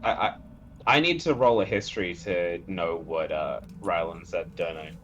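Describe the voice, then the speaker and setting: A man's voice: sits low, normal speed, a bit bright. A man playing a tabletop game, talking hesitantly with frequent restarts. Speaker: player. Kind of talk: casual tabletop play. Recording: dull lo-fi mic with faint hiss.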